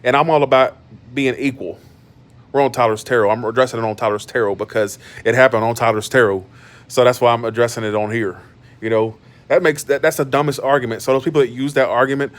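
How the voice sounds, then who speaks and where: A man's voice: medium pitch, quick pace. A man hosting a tarot channel, ranting bluntly in casual livestream talk and repeating himself for emphasis.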